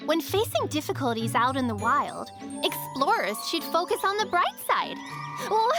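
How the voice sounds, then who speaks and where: A woman voicing a curious, excitable animal explorer in a children's cartoon, exclaiming wide-eyed over music. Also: sits high, moderate pace, voice pushed up. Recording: cartoon clip with music behind.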